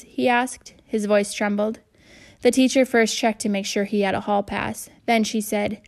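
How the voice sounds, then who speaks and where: A woman narrating a children's novel aloud in a steady reading voice. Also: medium pitch, a little slow, creaky. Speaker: audiobook narrator.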